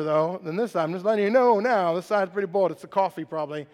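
A preacher with a high voice gives a lively, joking sermon to a congregation, checking in with them with a quick "right?". His voice rings out with a long reverb through a large church hall. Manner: lively and joking, asks the crowd "right?" often.

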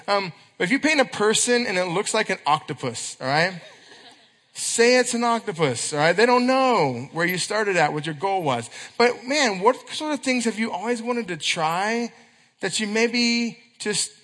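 A man preaching a sermon to young people in a church, telling stories with quick asides and acted-out quotes. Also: high-pitched, a bit bright. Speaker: youth pastor. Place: church hall. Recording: echoey church hall.

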